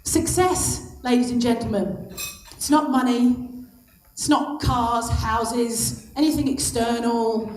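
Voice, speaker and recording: A woman's voice: on the high side, takes it slowly, a little mellow. A woman in her fifties giving an impassioned motivational speech on stage, stressing her points through repetition. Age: 50s. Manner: impassioned, emphatic, repeats for stress. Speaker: guest speaker. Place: stage at a lunch event. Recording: echoey hall.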